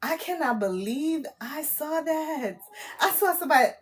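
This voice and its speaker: A woman, chatting on a live stream as a spiritual reader, laughing often, loud and disbelieving, full of slang. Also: sits high, animated, a little slow, slight background noise. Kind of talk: casual live-stream chat.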